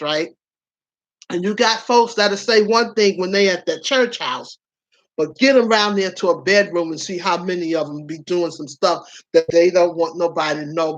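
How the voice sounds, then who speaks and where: Lady hosting a chat show, keeps laughing, real frank and playful. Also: on the low side. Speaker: host. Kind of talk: casual chat.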